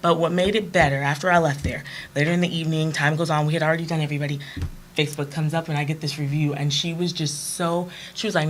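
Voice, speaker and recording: A young woman, a guest on an interview show, telling stories about her catering business in an outgoing, lively way. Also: deep voice, fast talker, a little hiss or hum. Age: young adult. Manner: outgoing, animated storyteller. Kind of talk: interview storytelling.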